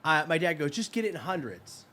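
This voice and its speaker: Young male podcast co-host, rapid storyteller, slightly high voice, acts out the quotes. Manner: fast, animated storyteller acting out quotes. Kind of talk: casual storytelling chat.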